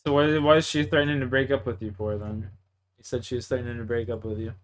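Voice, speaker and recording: A man's voice: medium pitch, steady tone, fast. Brief: young Canadian guy, laid-back and profane, casual banter. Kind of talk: casual chat.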